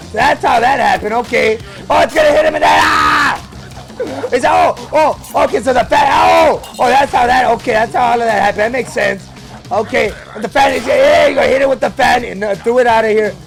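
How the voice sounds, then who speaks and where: A man hosting a reaction video, narrating and exclaiming excitedly at what he watches. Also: very high-pitched, moderate pace, creaky, shouting, faint music behind. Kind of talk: live reaction commentary.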